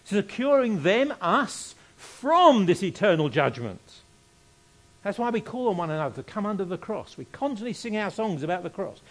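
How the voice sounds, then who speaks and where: Animated male preacher, lively pitch. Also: normal speed. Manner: expressive, emphatic, repeats key phrases. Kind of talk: sermon.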